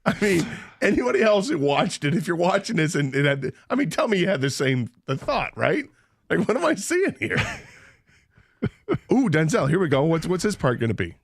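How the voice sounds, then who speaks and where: A man's voice: a little high, very animated, normal speed, creaky, breathy edge, dry recording. A man hosting a radio show, telling a story in casual banter and laughing often.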